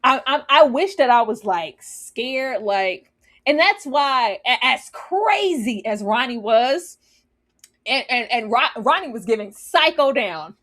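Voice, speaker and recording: Lively, animated woman reviewing a show. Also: on the high side, slow. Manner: expressive, laughs often, acts out scenes in mock voices. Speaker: TV review panelist. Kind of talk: animated casual review chat.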